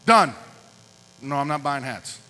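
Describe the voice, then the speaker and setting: A man's voice: a little high, lively intonation, a little slow, pushed and bright. A man preaching as youth pastor, punchy and repetitive, directing a group in a large hall. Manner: punchy, repeats short lines. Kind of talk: youth service sermon. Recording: echoey hall with mains hum.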